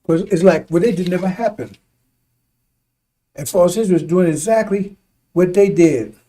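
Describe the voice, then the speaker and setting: A man with a high voice preaches to his congregation in a loose, rambling commentary. He stumbles and repeats words, chuckles between points and keeps checking in with "see?", sometimes rising to emphatic declarations. His voice sits some distance from the microphone. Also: moderate pace, mellow. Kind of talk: rambling sermon-style commentary.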